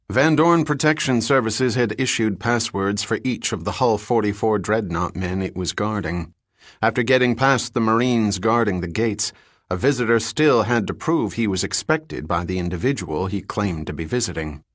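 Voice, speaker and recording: A man reading an audiobook in a measured, even narration. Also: lowish voice, dry recording, clean studio sound. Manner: measured, even reading with terse character dialogue. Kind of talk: scripted narration.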